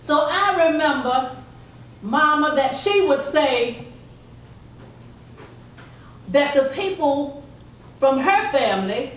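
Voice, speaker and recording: A woman's voice: sits high, lively intonation. A woman with a Southern American accent telling family stories to an audience, folksy and emphatic, drawing listeners into call-and-response. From southern United States. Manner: call-and-response, emphatic, folksy, stretches key phrases slowly. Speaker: storyteller. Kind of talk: oral family storytelling to an audience. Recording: very echoey hall, distant voice, faint background hum.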